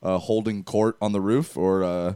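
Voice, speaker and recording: A man with a somewhat low voice hosts a call-in show, trading loose, crude jokes with his guests. The sound is dry and close to the mic. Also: steady tone, moderate pace, dark tone, clean tone, dry recording. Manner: joking, crude banter. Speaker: host. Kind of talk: casual chat.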